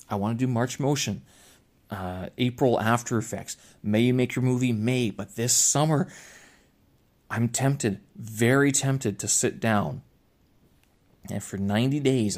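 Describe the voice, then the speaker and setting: A male English teacher talks through an idea on his solo podcast in a loose, meandering way. He circles back, restarts sentences and fills the gaps with "uh" and "you know." His voice sits at an ordinary middle pitch. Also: darkish tone. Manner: rambling, with frequent restarts and filler. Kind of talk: casual solo podcast monologue. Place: lives in China.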